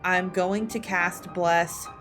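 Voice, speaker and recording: A woman's voice: on the low side, steady tone, slow, fairly bright tone. A woman playing in a tabletop game, thinking aloud hesitantly while she plans her turn, with music playing underneath. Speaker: player. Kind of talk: tabletop game play, casual chat. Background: background music.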